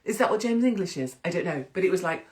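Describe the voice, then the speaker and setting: A woman's voice: lowish voice, lively intonation, quick pace, very noisy. Blunt middle-aged woman vlogger. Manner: blunt, rambling, swears freely. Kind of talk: candid chat to camera.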